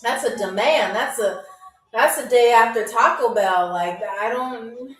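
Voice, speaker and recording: A woman hosting a live-streamed game show, teasing viewers and reading their comments aloud, and saying foreign phrases very slowly. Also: on the high side, fairly bright tone. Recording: roomy, mic at a distance, faint music.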